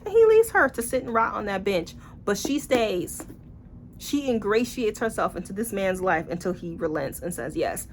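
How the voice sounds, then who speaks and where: A woman's voice: medium pitch, moderate pace, a little hiss or hum. Blunt, sarcastic woman reviewing books. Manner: animated, acts out quoted characters. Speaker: book reviewer. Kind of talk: casual book review vlog.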